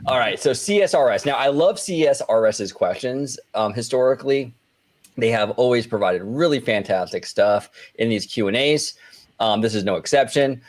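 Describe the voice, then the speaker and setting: A man's voice: medium pitch, expressive, normal speed. A man hosting a casual podcast chat, laughing along and reading out listener questions. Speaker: host.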